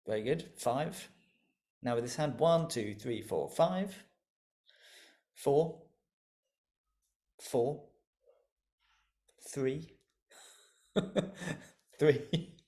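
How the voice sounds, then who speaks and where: A man's voice: mid-range voice, animated, extremely slow, pauses often, warm tone. Playful, encouraging man leading a music class. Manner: encouraging, playful, laughs often, leads call-and-response. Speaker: music educator leading an online workshop. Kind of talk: interactive online music lesson. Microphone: video call.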